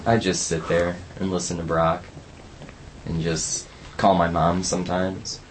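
A man's voice: low voice, level tone, unhurried, slight background noise. Young man hosting a chatty radio show. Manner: rambling, chatty storyteller with many fillers. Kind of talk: casual college radio chat.

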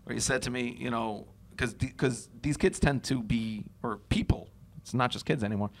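A young man hosting a casual podcast conversation, telling stories in a lively way and acting out the dialogue. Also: mid-range voice, moderate pace, vocal fry, slight background noise. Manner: animated storyteller, acts out dialogue.

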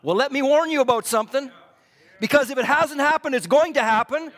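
A man preaching a fervent sermon in a church, repeating his lines and swinging from loud to hushed. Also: very high voice, a little fast. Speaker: pastor. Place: church hall. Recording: long hall reverb.

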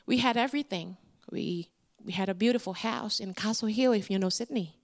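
A middle-aged woman, a guest speaker telling her story in an animated sermon with big swings in pitch. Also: brisk. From Indonesia.

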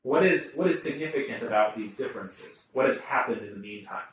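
A man's voice: medium pitch, lively intonation, a little fast. Man leading a Bible study in an echoey room. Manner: thinks aloud with restarts, questions the group. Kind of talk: group Bible study teaching. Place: room with a small group. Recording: muffled, echoey room, mic far off.

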